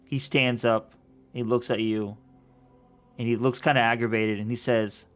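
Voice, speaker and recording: A man's voice: medium pitch, normal speed. Man as dungeon master, casual filler-laden narration over faint music. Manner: relaxed, filler-heavy narration. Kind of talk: narrating a tabletop game.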